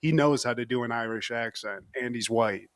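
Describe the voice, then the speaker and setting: A man's voice: medium pitch, normal speed, slight background noise. A man co-hosting a podcast, recapping a TV episode in casual chat, joking and laughing often. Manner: jokey, laughing often, slips into mock voices. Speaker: podcast co-host.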